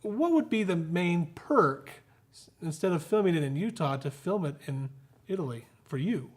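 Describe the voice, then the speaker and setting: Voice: medium pitch, expressive, moderate pace. An interview host who talks in a gushing, enthusiastic way and often restarts sentences. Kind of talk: casual interview chat.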